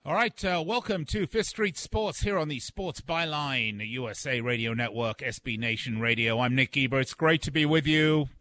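A man's voice: medium pitch, normal speed, hardly any pauses, a little hiss or hum. A man hosting a sports talk radio show, chatty and hyped, with frequent "uh"s. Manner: lively, hyped plugs with filler "uh"s.

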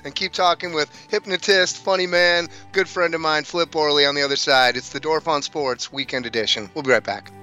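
A man's voice: fairly high pitch, fairly even intonation, fairly quick, few pauses, over music. A male radio sports talk host chatting casually, laid-back and enthusiastic.

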